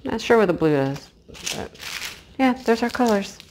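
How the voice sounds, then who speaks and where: A woman chatting casually to her viewers as she unboxes a craft kit, gushing with excitement. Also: on the high side, moderate pace, a little hiss or hum. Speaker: craft vlogger.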